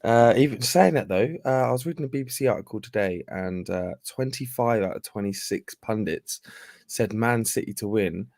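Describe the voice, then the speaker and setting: Low-voiced man, dry close sound. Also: moderate pace, darkish tone, no echo. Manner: hesitant, thinks aloud with many ums. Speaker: podcast guest. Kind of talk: casual football podcast chat.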